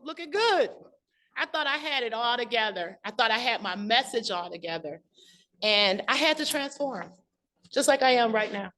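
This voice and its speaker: A woman's voice: a little high, sharp tone, no room sound. A woman giving a prepared, personal speech at a club meeting, laughing often and close to tears. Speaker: club speaker. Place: meeting room.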